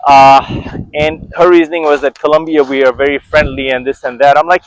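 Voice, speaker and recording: A fairly high-pitched vlogger with flat delivery speaks briskly on a dry recording with poor audio. Candid and conversational, he tells viewers about his life, repeats words and often asks "right?"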